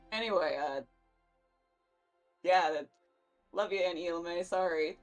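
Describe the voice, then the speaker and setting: A woman's voice: on the low side, takes it slowly, soft background music. A woman voicing an awkward young male wizard mourner who talks in a rambling, unsure way.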